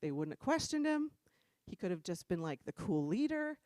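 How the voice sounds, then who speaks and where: Animated, dry-voiced woman preacher. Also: fairly low pitch, moderate pace, no echo. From New Jersey. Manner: animated, self-deprecating, laughs often. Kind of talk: casual storytelling sermon. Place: church room.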